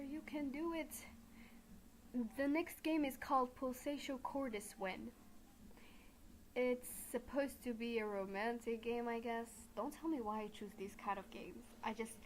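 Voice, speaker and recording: A young woman chatting through a live game stream, rambling and self-mocking with plenty of fillers. Her voice sits fairly high. A faint noise runs underneath. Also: a bit bright.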